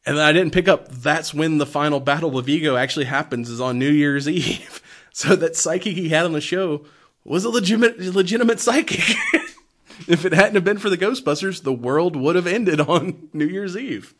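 A man's voice: on the high side, normal speed, fairly bright tone. A man chatting casually about old movies and games, laughing often and swearing freely. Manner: laughing often, loose and profane.

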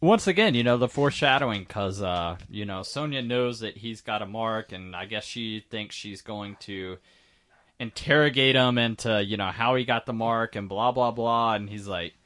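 A man's voice: fairly low pitch, moderate pace, a bit bright. A man co-hosting a podcast in casual chat, hesitant and rambling, with lots of fillers and casual swearing. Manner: hesitant, full of "you know" and restarts, swears casually. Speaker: podcast co-host.

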